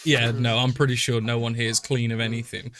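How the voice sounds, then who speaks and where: A man's voice: mid-range voice, flat delivery, a little fast, a bit bright. A man hosting a game stream, rambling casually, swearing and laughing often. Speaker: streamer and host.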